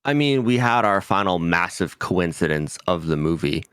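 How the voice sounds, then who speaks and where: A man co-hosting a casual podcast chat, animated and prone to loud mocking asides. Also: deep voice, moderate pace, clean tone, no echo, studio quality. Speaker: podcast co-host.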